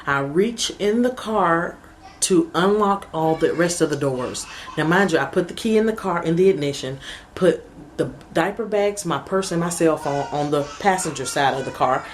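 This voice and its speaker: Low-voiced mother telling a rambling story. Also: moderate pace, a little hiss or hum. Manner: rambling, emotional retelling with quoted dialogue. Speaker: family vlogger. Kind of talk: casual storytelling to camera.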